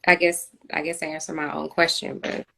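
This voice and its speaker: A woman in a casual spiritual talk, speaking softly and hesitantly with many restarts, quiet and away from the mic. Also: sits low, little pitch movement, a little fast, gravelly, a crowd in the background, poor audio.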